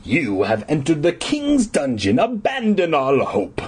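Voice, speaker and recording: A man voicing a menacing caped villain in a storybook reading, slow and commanding with a husky voice. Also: fairly high pitch, wildly swooping pitch, exaggerated voice. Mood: ominous. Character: booming menacing caped man, adult male.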